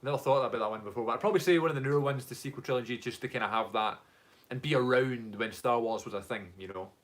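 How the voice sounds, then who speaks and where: This Scottish streamer from Glasgow is a young man with a medium-pitched voice who talks quickly in a Glaswegian accent. He reacts to music live, casually reading out viewer comments and rambling with plenty of fillers.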